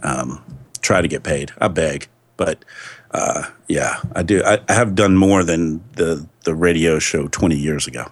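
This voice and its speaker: A man talking casually as a guest, relaxed and self-deprecating, laughing often. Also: very deep voice, a little slow, slightly rough, dry recording. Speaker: guest voiceover artist. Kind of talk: casual recorded chat.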